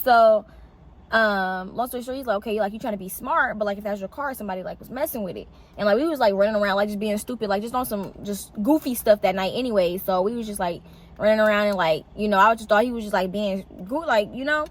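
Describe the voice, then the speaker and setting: A young woman vlogging casually, telling an animated story full of fillers and swearing. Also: fast talker. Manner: animated, swearing, filler-heavy, pitch jumps on exclamations. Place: outdoors in shade.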